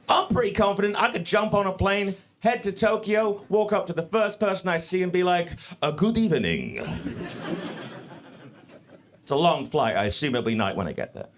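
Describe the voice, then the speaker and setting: A man doing a live stand-up set in a comedy club, profane and animated, speaking into a stage mic. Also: sits high. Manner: profane, animated, mock-confident.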